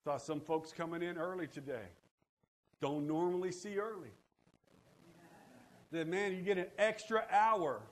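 Middle-aged male pastor, high voice, lively call-and-response preacher. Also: measured pace, long pauses. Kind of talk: sermon.

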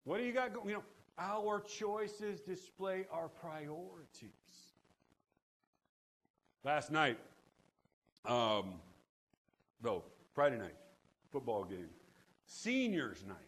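High-voiced preaching man. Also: slow, pauses often. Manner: preaching with call-and-response, lively storytelling. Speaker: pastor. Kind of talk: sermon.

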